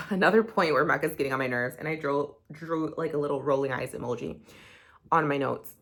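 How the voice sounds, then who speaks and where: A woman's voice: deep voice, fairly quick, a bit bright. A young woman recapping a reality show, talking bluntly and heatedly and swearing freely. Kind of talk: casual opinionated commentary.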